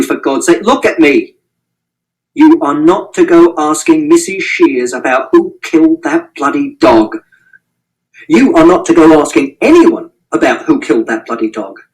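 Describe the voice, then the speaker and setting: A man's voice: a little high, distant mic, rough recording. A man reading the part of a stern, exasperated middle-aged father who scolds curtly and swears in anger.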